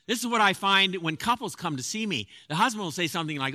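A man lectures in a very bright, somewhat high voice, earnest and a little halting as he restarts his phrases. The sound is dry and close, with no room around it. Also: animated, dry recording. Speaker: counselor lecturing on anxiety. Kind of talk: spoken lecture with anecdotes.

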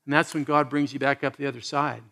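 A man's voice: medium pitch, little pitch movement, fast talker, gravelly, bright, forceful tone. A man preaching a sermon in a conversational way, asking the listeners questions and laughing often. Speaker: pastor.

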